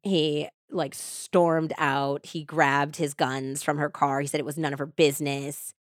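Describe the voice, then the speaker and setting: On her podcast, a woman recounts a true-crime case in a relaxed, chatty way, using "like" frequently. Her voice is low-pitched and unhurried with little pitch movement, recorded at studio quality without room sound.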